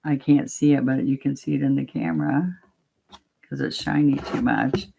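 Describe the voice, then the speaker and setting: A woman's voice: very deep voice, fairly even intonation, moderate pace, creaky, husky. A woman teaching a painting demo, chatting casually step by step and talking to herself as she works. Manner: chatty, talks to herself while working, gently coaxing. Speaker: painting instructor.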